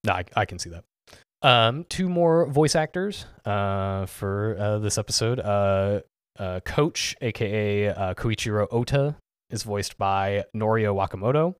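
Low, dry-voiced man chatting casually. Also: unhurried, smooth, dry recording. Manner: rambling, full of "like" and "um". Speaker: podcast co-host. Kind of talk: casual chat.

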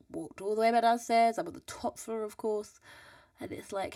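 Animated young woman telling stories. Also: medium pitch, a little fast, no echo. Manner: animated, mimics people in quotes, laughs often, swears. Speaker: podcast host. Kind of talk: casual storytelling chat. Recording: dry, slightly distant mic.

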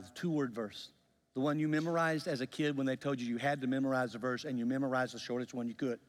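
A male pastor preaching a sermon, telling the story with lively acted-out voices. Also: a little high. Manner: animated storytelling, acts out quoted voices. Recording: long reverb of a large hall.

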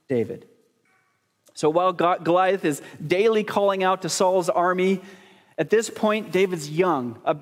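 Male pastor, sermon, high voice, easy joking delivery, rhetorical questions, long hall reverb. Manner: conversational, joking, asks the congregation questions.

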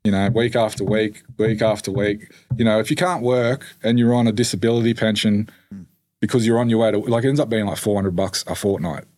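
A man's voice: fairly low pitch, steady tone, fairly quick, a little mellow. A man telling his story as a podcast guest, rambling and swearing freely, with lots of fillers. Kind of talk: casual storytelling.

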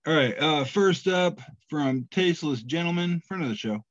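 A man's voice: fairly high pitch, animated, no echo. A man co-hosting a comedy podcast, reading out memes with self-deprecating jokes. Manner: jokey, self-deprecating, drawn-out pauses. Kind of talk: casual podcast banter. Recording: dull lo-fi podcast mic.

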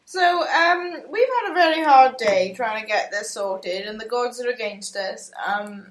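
A woman's voice: on the high side, unhurried. A young woman co-hosting a podcast in casual, giggly chat. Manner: giggly, easygoing. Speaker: podcast co-host. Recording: roomy echo.

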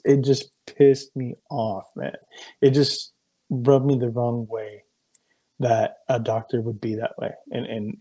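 A man's voice: mid-range voice, mellow, slightly rough, dry recording. A young man co-hosting a casual podcast, telling stories in a heated, profanity-heavy way. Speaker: podcast co-host. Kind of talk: casual chat.

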